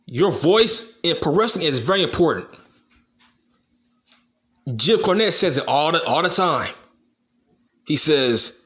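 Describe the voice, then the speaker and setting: A man on a solo commentary video, going off in a heated and profane rant. His voice sits a bit high for a man and swings up and down a lot as he hammers each point over and over. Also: expressive, measured pace, pauses often, fairly bright tone. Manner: heated, profane, repeats himself for emphasis. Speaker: wrestling YouTuber. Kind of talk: profane opinion rant to camera.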